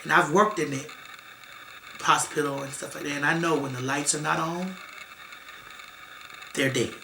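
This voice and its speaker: A woman's voice: sits low, steady tone, normal speed, creaky, background noise. A woman guest in an interview telling a painful family story, emotional and emphatic, often repeating herself and acting out what relatives said. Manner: emotional, repetitive, emphatic, acts out quoted relatives. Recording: echoey room.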